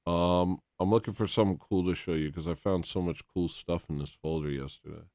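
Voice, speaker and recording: A man hosting a casual livestream, reading donations and rambling in a deadpan, teasing, self-mocking way. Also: sits low, fairly quick, no room sound, studio quality.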